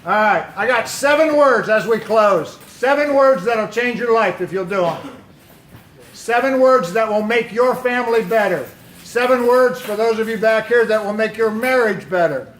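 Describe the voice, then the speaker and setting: A man speaking as a pastor to a youth football team, lively, quizzing his listeners and repeating their answers. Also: high voice, a little slow, a little hiss or hum. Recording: echoey room.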